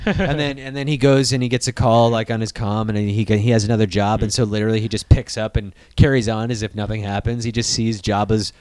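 A man co-hosting a podcast in casual chat, excitable and profane, with sudden jumps up in pitch. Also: a little fast, few pauses, clean tone, no echo. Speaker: podcast co-host.

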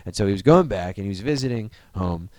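A man from the Midwest, co-hosting a podcast in casual chat, lively and quick to break into voices. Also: no echo, clean studio sound. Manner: animated, jumps into impressions with big pitch leaps. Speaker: podcast co-host.

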